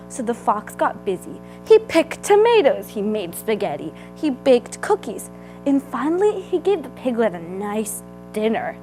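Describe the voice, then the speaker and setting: A woman reading a children's picture book aloud, slow and expressive. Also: on the high side, faint music behind, poor audio. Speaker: storybook reader. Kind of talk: read-aloud storytelling.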